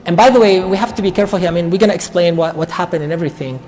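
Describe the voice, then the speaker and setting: A man teaching a Quran study circle, retelling a story in a casual, conversational way with quick asides. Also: sits high, a little mellow. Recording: long reverb of a large hall.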